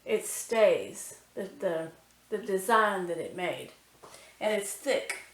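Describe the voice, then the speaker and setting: A woman's voice: medium pitch, animated, slow pace, echoey room, far from the mic, background noise. A woman hosting a cooking channel, talking through a recipe step by step and exclaiming with delight.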